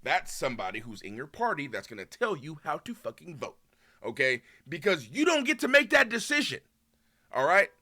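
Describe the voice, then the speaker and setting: A man ranting on a stream with a bright, fairly high voice. He swears constantly and swings from loud outbursts to low muttering as he reacts to a video. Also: wildly swooping pitch, moderate pace. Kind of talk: casual ranting commentary.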